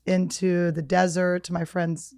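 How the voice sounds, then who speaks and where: A woman's voice: fairly low pitch, unhurried, clean tone, no room sound. Bawdy storytelling woman, dry studio sound. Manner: animated, crude jokey storytelling. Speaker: podcast co-host. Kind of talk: casual chat, storytelling.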